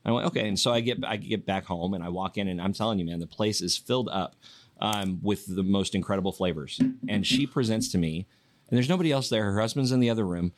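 Low-voiced pastor telling a lively story. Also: male voice, fast. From Yakima, Washington. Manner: animated storyteller, laughs easily. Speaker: pastor guest. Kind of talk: casual storytelling in a podcast interview.

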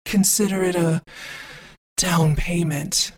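Woman putting on a low, drawn-out taunting spirit voice, cold tempter. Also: fairly even intonation, slightly rough. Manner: slow, taunting, bargaining. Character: sinister many-voiced spirit, coaxing and cold.

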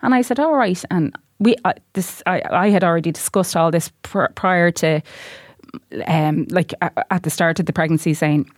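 Low-voiced Irish woman telling a story. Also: normal speed, no room sound, studio quality. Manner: animated storyteller, acts out quoted voices. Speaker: podcast guest. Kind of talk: casual chat.

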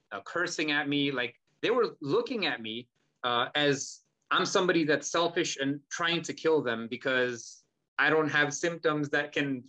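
Brash, animated man, lo-fi sound. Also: a little high. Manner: animated, profane, acts out heated exchanges. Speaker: podcast guest, holistic healer. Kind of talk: casual podcast conversation.

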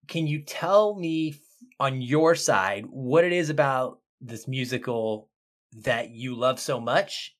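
A man's voice: mid-range voice, a bit bright. A man hosting a podcast, asking casual, loosely phrased questions of his co-host.

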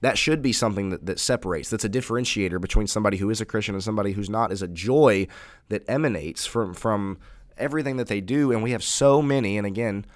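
A man's voice: lowish voice, fast, dry recording, clean studio sound. A man co-hosting a Christian podcast, talking in an earnest, emphatic way and restarting phrases as he rephrases. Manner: earnest, emphatic, repeats words when rephrasing. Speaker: podcast co-host. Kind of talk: casual Christian podcast discussion.

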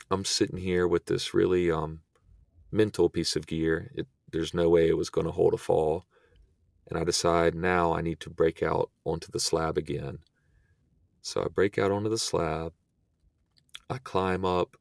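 A young man speaks low with a rough, creaky edge to his voice. He recounts events as a podcast guest in a relaxed, rambling way, with plenty of fillers. The sound is dry and close, with no room echo. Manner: relaxed, filler-heavy retelling. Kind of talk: casual storytelling.

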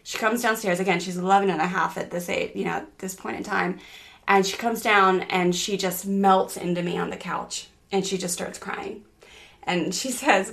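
A middle-aged woman co-hosting a casual parenting podcast, telling a family story in an animated way with many restarts. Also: medium pitch, moderate pace, vocal fry. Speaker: podcast co-host, parenting coach.

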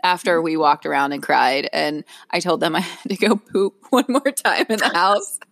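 A woman's voice: lowish voice, moderate pace, creaky, a bit bright, no echo, clean studio sound. A middle-aged woman co-hosting a podcast, telling a story in casual chat, laughing often and acting out what others said. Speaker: podcast co-host.

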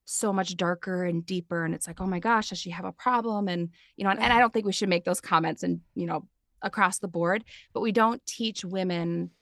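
A woman's voice: lowish voice, gravelly, a bit bright, no room sound, studio quality. A woman in her thirties, a podcast guest and mindfulness teacher, talking in a chatty way with lots of filler words. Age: 30s. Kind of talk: casual interview chat.

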